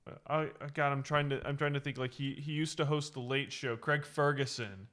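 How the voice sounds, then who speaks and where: A man with a bright, pushy voice talks through a casual podcast chat. He rambles, restarts his thoughts and chuckles along the way. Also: medium pitch, steady tone, a little fast. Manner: rambling, self-correcting, laughs often. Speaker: podcast co-host.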